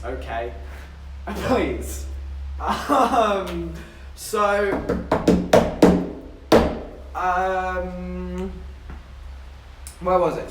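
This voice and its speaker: A man's voice: fairly high pitch, fairly bright tone, far from the mic, a little hiss or hum. A young man from southern England chatting casually to his livestream chat, telling stories with giggles along the way. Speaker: streamer. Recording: echoey room, voice a bit off-mic.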